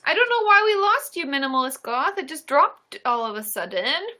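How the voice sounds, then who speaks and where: Young woman therapist, live-stream host, bright forceful voice, upbeat and encouraging, slightly high. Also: normal speed. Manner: upbeat and encouraging, squeals excitedly at gifts. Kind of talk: live-stream chat answering viewers.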